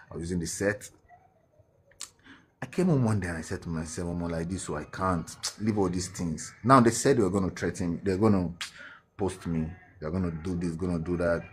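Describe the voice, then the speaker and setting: A man's voice: deep voice, slightly rough. A man with a Nigerian accent giving an earnest personal testimony as a guest, slipping into Pidgin and restarting his sentences. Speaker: guest telling his story.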